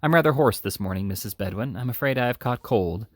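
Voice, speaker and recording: A man voicing a warm-hearted, blustery old gentleman in a read-aloud storybook, hoarse, with a brisk, bluff manner. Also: medium pitch, expressive, no room sound, lightly acted. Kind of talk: audiobook reading.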